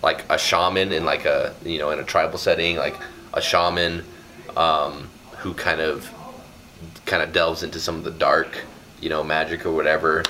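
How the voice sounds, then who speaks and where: A man's voice: very deep voice, level tone, moderate pace, sharp tone, a little hiss or hum, poor audio. A man from southeastern Utah chatting casually on a podcast, laid-back and joking with playful asides. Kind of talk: casual chat.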